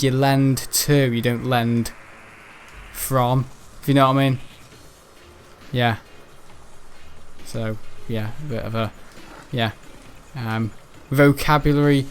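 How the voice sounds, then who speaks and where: A teenage boy from the Wirral, England, with a Merseyside accent and a medium-pitched voice chats casually on a stream, with slight background noise. His talk rambles, hesitant and full of ums and restarts.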